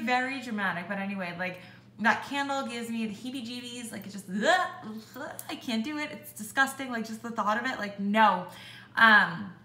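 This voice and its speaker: A young woman chatting casually through a product review, with lots of "like" and an animated way of telling stories. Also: mid-range voice. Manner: chatty, heavy use of "like", animated when ranting. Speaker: beauty vlogger. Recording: echoey room.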